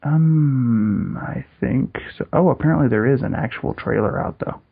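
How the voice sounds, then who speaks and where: A man's voice: medium pitch, normal speed, vocal fry, breathy edge, dry recording. A man co-hosting a podcast in casual comedic chat, rambling with many restarts over dull lo-fi call audio. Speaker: podcast co-host.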